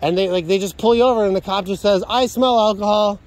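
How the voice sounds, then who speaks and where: A man's voice: high voice, darkish tone. A young man venting in an angry rant, swearing heavily and piling up complaints in long run-on sentences. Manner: furious, heavy swearing, rapid run-on complaints.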